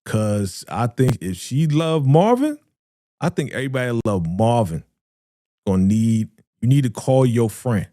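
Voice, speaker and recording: Animated man hosting a slangy reaction stream. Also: medium pitch, measured pace, dry recording, studio quality. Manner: animated, slangy, reads viewer comments aloud. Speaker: reaction show host. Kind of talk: live-stream fan reaction chat.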